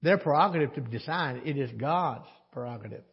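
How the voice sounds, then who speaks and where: A man's voice: medium pitch, animated, brisk, slightly rough, dull audio. A man preaching a teaching sermon, posing questions to the congregation and answering them himself. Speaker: pastor.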